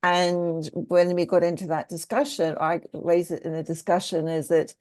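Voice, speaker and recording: Low-voiced Scottish woman, mellow. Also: flat delivery, moderate pace, dry recording. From Scotland. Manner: chatty, thinking aloud with restarts. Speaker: coach. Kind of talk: group discussion on a video call.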